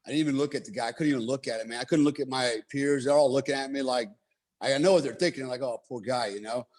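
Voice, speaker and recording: A man's voice: medium pitch, fast talker, darkish tone. A man telling a long story in a casual way, swearing freely and saying "you know" and "right?" often. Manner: profane, laid-back, heavy on "you know" and "right?".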